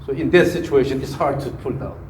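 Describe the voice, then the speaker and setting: A man's voice: medium pitch, brisk, a little mellow. A man giving a hands-on golf swing lesson, repeating cue phrases and humming the swing rhythm. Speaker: golf coach. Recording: echoey room, faint background noise.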